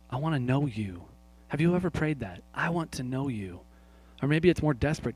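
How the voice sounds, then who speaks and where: A male pastor delivering a sermon at a mid-range pitch. He drops his voice low and soft when he voices a prayer, then rises to loud, emphatic questions aimed at the congregation. He talks directly to the people in front of him. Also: lively intonation, a little fast, breathy edge. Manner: swings from quiet, hushed prayer lines to loud emphatic points; asks the congregation questions and speaks to people by name.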